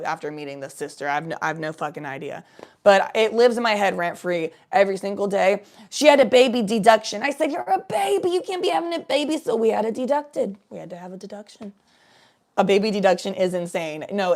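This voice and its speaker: Woman from cincinnati, casual storytelling, blunt, swears a lot, quick asides. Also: lowish voice, gravelly. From Cincinnati, USA.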